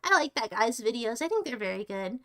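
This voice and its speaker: A woman's voice: on the high side, sing-song, fairly quick, fairly bright tone. A woman streamer chatting casually on a livestream, rambling playfully and often restarting her sentences.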